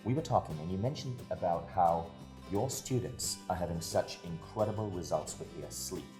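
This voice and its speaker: A man's voice: sits low, moderate pace. A man hosting an interview, praising his guest effusively and turning to the audience. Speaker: interview host. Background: guitar music bed.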